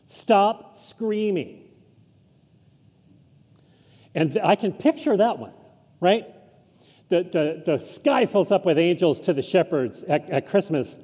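Lively, high-voiced pastor preaching in a reverberant church. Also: male voice, slightly rough. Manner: informal, chuckling asides, animated intonation. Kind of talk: conversational sermon. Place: church sanctuary.

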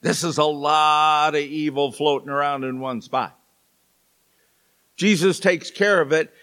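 A middle-aged man preaching a sermon in church, telling stories with dramatic pauses. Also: on the high side, steady tone, a bit bright, clean tone. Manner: slow, storytelling delivery with dramatic pauses. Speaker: pastor. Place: church sanctuary.

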